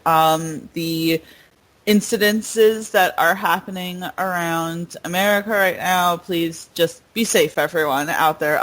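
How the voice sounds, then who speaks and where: A woman's voice: fairly low pitch, a bit bright, low-quality recording. A woman hosting a podcast in casual chat. She talks chattily, laughs often and leans on filler words. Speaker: podcast host.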